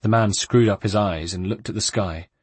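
A man reading a novel aloud as an audiobook narrator, in a steady measured way. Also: lowish voice, husky, no echo.

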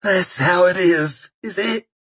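A man voicing a drunken, blustering old male mercenary with a husky, shrieking, drawn-out delivery. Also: sits high, fairly bright tone, pitched above the performer's own voice, exaggerated voice. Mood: stunned.

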